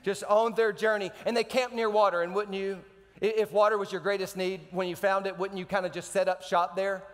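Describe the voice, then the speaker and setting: A man preaching a sermon as pastor, animated and joking between slow scripture readings. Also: sits high, in a large hall. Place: church sanctuary.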